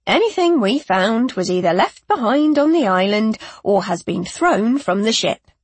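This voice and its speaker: Woman reads a matter-of-fact male crewman, breathy, dry. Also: a little high, sing-song, normal speed, dry recording. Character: man on a ship crew, matter-of-fact.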